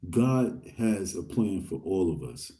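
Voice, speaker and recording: A man's voice: low-pitched, very animated, slow pace, mellow. A man from Queens, rambling through a story in street slang and reading viewer comments to his audience. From Queens, New York. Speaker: vlogger.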